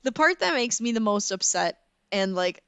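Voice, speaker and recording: A young woman co-hosting a podcast in casual chat, animated and laughing as she tells stories dramatically. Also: mid-range voice, normal speed, smooth, dry recording. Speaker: podcast co-host.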